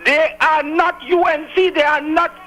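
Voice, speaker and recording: A man's voice: very high-pitched, flat delivery, unhurried, pushed and bright, poor audio. A man with a Trinidad and Tobago accent from Tobago, calling in to a talk radio show and ranting fiercely, repeating his points. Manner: fiery, repetitive ranting. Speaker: radio caller.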